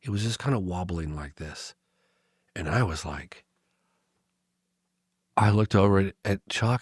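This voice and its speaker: A man with a low voice tells a long story, rambling through fillers and restarts. He slips into the voices of the people he quotes. The sound is close and dry, with no room around it. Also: expressive, unhurried, long pauses, slightly rough, dry recording. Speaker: guest. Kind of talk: casual anecdote storytelling.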